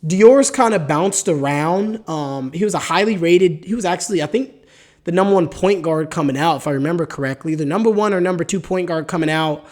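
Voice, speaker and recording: A man's voice: a little high, a little fast, a little mellow. A man hosting his own solo basketball podcast, talking casually with slang and reading off player stats, with the hiccups. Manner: casual, slangy, hype, reads off stat lines. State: has the hiccups. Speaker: podcast host. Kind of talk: solo sports podcast talk.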